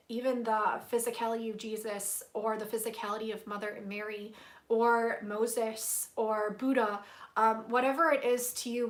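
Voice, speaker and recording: A woman giving a live spiritual tarot reading to her viewers, soft-spoken and gushing, with many fillers and easily moved to emotion. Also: fairly high pitch. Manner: emotional, tearful at moments. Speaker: tarot reader hosting a livestream.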